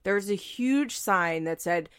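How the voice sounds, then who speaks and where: Recapping a reality TV show, a woman offers casual, opinionated commentary in a smooth, expressive mid-range voice at a slow pace. She's chatty, leans heavily on "like," and swears now and then.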